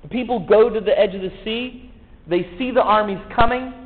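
A man's voice: high voice, a little fast. A man preaching a sermon in a folksy, joking way, full of rhetorical questions. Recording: echoey hall, tinny phone-like sound.

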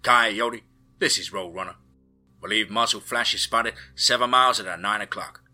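A man voicing a tough male helicopter pilot speaking loud, clipped radio calls in a story. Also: lowish voice, moderate pace, soft background music, full character voice. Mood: terse.

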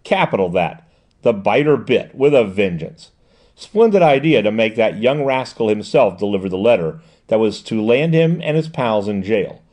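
A man reading the lines of a jovial older detective agency chief in an audiobook, brisk and hearty in his questions. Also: fairly low pitch, big pitch swings, darkish tone. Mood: gleeful.

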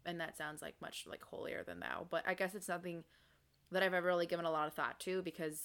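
Bright-toned hesitant woman co-host. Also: fairly low pitch, animated, fast talker, vocal fry. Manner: hesitant, sprinkled with "like" and "um", trailing off softly. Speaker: podcast co-host. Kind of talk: casual podcast chat.

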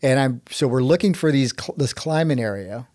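A middle-aged man from Texas telling a story in a casual chat, animated and jumping up in pitch whenever he quotes others. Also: fairly quick, no room sound, clean studio sound. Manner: animated, jumps up in pitch when quoting others.

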